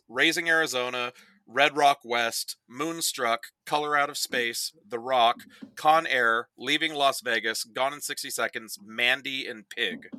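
A man speaking as a podcast guest in casual chat, telling animated, profane stories. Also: mid-range voice, clear, resonant tone, no room sound.

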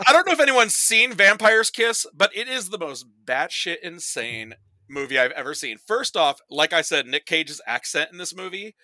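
A man speaking as a podcast guest in casual chat, telling animated, profane stories. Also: sits high, normal speed, no echo.

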